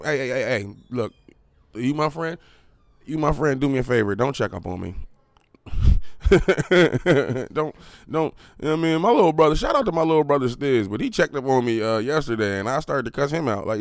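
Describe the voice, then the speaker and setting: A man's voice: medium pitch, lively intonation, quick pace, gravelly, dry recording, studio quality. A young man hosting a podcast, talking in a rambling, profane, casual way with lots of fillers and restarts. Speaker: podcast host.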